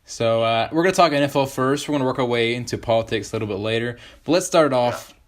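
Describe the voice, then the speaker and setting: A teenage boy hosting a podcast, chatting in a joking, excitable way with lots of fillers. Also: medium pitch, fast talker. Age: teens. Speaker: podcast host. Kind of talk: casual podcast chat.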